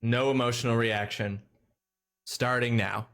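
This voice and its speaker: A man streaming a video game, chatting casually with animated, rambling asides. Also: medium pitch, measured pace.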